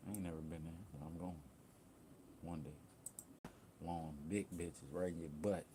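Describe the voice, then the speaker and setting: A man's voice: deep voice, fairly even intonation, unhurried, dark tone, a little hiss or hum. A young man talking bluntly and profanely in a rambling livestream rant, jumping between thoughts. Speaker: livestream host.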